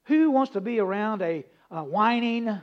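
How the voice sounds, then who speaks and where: A man preaching a folksy, humorous sermon, rambling into stories and dropping from loud emphasis to hushed asides. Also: high-pitched, animated, moderate pace. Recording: dull lo-fi recording.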